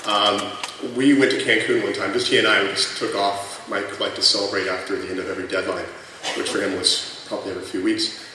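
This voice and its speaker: A man in his thirties, a former colleague on a tribute panel, trades anecdotes in a lowish, flat, fairly quick voice with a sharp edge. He's chatty and full of fillers, laughing through his punchlines. The recording picks him up from far off in a large, echoey, noisy convention hall.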